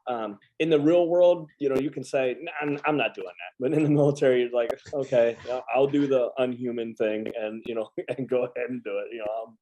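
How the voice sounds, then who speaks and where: A man's voice: mid-range voice, fairly even intonation, a little fast, few pauses, warm tone, slight background noise, low-quality recording. A man hosting a casual chat, telling stories in a rambling, easy manner. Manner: chatty, rambling, lots of fillers and restarts. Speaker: podcast host and veteran.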